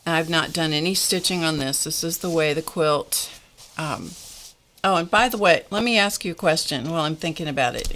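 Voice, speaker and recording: Low-voiced chatty woman craft host. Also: fairly bright tone. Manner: chatty, reads viewer comments aloud. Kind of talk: live-stream craft tutorial chat.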